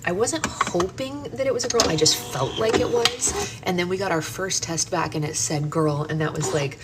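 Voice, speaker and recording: Low-voiced chatty woman, distant and humming. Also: normal speed. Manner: chatty, animated storytelling with frequent "um" and "like". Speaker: book club livestream host. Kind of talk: casual chat with live viewers. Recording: distant mic with loud air-conditioning hum.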